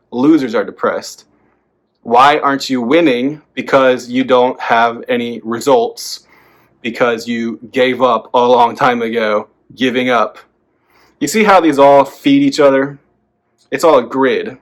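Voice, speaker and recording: A young man hosting a motivational talk, blunt and profane, breaking into loud, lively bursts. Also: medium pitch. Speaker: self-help podcast host. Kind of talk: motivational monologue.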